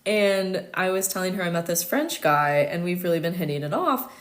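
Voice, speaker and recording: Young American woman, casual livestream host, somewhat low voice, chatty and filler-heavy, laughs easily. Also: moderate pace. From United States.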